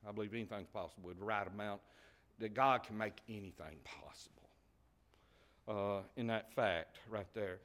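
Guy preaching, bright edgy voice, gets loud then drops real quiet. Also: fairly low pitch, moderate pace. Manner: impassioned, swinging from loud emphasis to quiet murmurs. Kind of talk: sermon.

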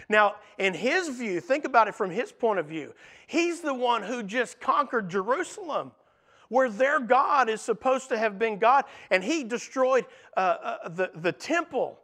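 High-voiced man preaching a sermon. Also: fairly bright tone. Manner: earnest, asks the audience rhetorical questions.

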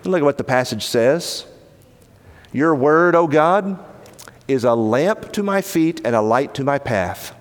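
A man preaching a sermon in an earnest, pleading manner, his voice rising when he quotes. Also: big-room sound. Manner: earnest, pleading, rises in pitch when quoting.

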